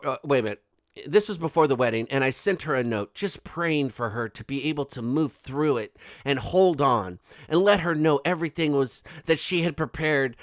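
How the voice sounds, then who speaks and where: A man's voice: on the high side, animated, moderate pace, a bit bright, no room sound, studio quality. Sarcastic man ranting over quotes. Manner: sarcastic, mocking, reads quotes aloud with asides. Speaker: commentary channel host. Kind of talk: ranting commentary.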